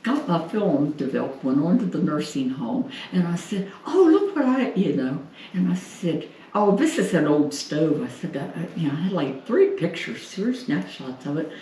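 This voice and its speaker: A woman's voice: deep voice, animated, normal speed, few pauses, warm tone. A woman casually telling a family story, acting out the quoted voices and laughing often. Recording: roomy, distant, faint noise.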